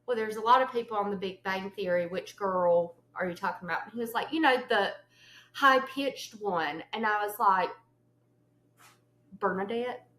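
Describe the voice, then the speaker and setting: A young woman, co-hosting a casual chat show and telling stories with lively acted-out quotes. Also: mid-range voice, quick pace, few pauses, roomy sound, poor audio. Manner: animated storyteller, acts out quotes with sudden yelps. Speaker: podcast co-host.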